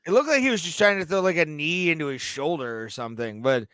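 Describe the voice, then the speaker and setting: A man's voice: on the high side, expressive, fast, fairly bright tone, no echo, studio quality. A man co-hosting a podcast, chatting casually and profanely and laughing often. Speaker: podcast co-host. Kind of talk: casual chat.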